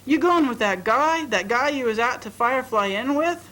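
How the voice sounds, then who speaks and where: A woman's voice: sits high, lively intonation, moderate pace, a bit bright, poor audio. A woman voicing a chatty young waitress friend who talks in easygoing folksy slang. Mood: curious.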